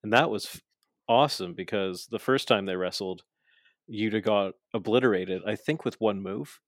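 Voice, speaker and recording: A man with a fairly low voice chats excitedly about wrestling. He tells the matches like a story and drops into the wrestlers' voices now and then. The sound is close and dry, with no room around it. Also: normal speed, no room sound. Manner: enthusiastic storytelling, acts out wrestlers' lines; frequent fillers and restarts. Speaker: wrestling show co-host. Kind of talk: casual recap chat.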